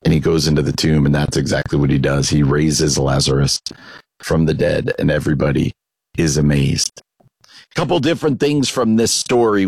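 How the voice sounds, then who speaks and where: Deep gravelly-voiced male preacher. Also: darkish tone, no echo, rough recording. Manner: conversational, reads a devotional then reflects aloud with restarts. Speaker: pastor. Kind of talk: devotional sermon.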